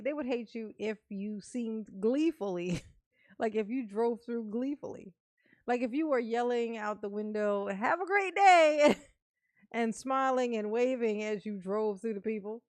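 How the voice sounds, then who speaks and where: A woman's voice: medium pitch, a little mellow, no room sound. A woman hosting a casual livestream, teasing and laughing often, fondly calling herself Mama to her viewers. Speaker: livestream host. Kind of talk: casual live-stream commentary.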